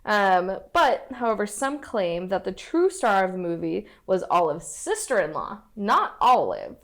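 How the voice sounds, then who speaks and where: A woman's voice: mid-range voice, very animated, unhurried. A young woman co-hosting a podcast, telling a ghost story in a casual, playful way with frequent laughs. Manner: giggly, playful, puts on silly voices. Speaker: podcast co-host.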